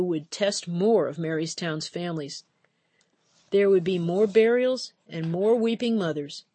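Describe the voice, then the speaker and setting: A woman narrating an audiobook in a measured, steady storytelling voice. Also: on the low side, no echo. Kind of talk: scripted narration.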